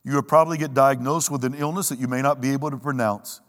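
A man preaching a sermon, emphatic, with dramatic pauses and a slow, weighty delivery when he quotes scripture. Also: mid-range voice, fairly even intonation. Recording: long reverb of a large hall.

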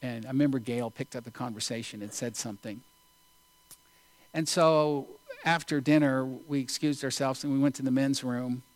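A male preacher giving a sermon, telling a story in an unhurried, deliberate way with pauses. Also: mid-range voice, steady tone, no echo.

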